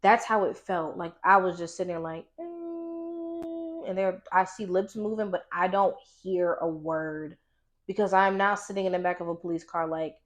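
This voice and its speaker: A woman in her twenties giving a candid, emotional personal testimony, halting at times and restarting her sentences. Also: lowish voice, fairly even intonation. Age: 20s. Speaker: vlogger.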